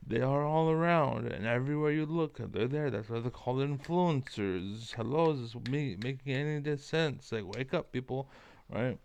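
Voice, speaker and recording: A man's voice: mid-range voice, moderate pace, vocal fry, a little mellow, a little hiss or hum. A man delivering a profane, rambling, combative rant to the camera as an online commentator. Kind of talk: ranting monologue to camera.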